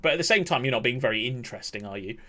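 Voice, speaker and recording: A man's voice: mid-range voice, expressive, racing, pushed and bright. A young man, chatting casually on a live stream, laughing often and ranting in mock outrage.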